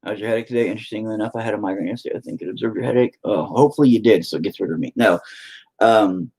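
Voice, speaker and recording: A man's voice: fairly low pitch, very fast, creaky, a little mellow, breathy edge. A man telling a rambling, profane story in a casual chat with his viewers. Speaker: streamer.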